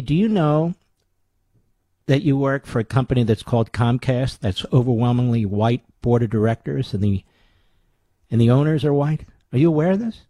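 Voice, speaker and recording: A man's voice: mid-range voice, mellow, no room sound, clean studio sound. A man hosting a talk radio show, ranting sarcastically through rhetorical questions in an indignant monologue.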